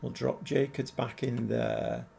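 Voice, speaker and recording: Older man, 70s, unhurried rambling livestream commentary with viewer chat. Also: mid-range voice, fairly even intonation, vocal fry, dark tone, slight background noise. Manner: rambling, chatty, thinks aloud, answers viewers. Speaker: gaming livestreamer. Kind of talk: live game commentary and chat.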